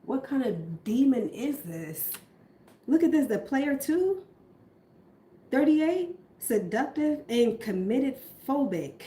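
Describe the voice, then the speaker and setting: A woman's voice: high voice, very animated, slow, mellow. A woman giving a casual tarot reading in a blunt, outspoken, profane manner. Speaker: tarot reader. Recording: roomy echo.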